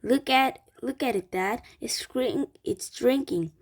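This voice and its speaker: A woman's voice: on the high side, slow, gravelly, voice pushed up, heavily acted. A woman doing an anxious young boy. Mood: pleading. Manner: pleading, urgent.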